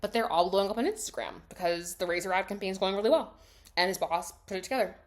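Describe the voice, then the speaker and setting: A young woman chats through a film's plot at a fast clip in a medium-pitched voice, dropping "like" constantly. She swings between excited bursts and hushed asides.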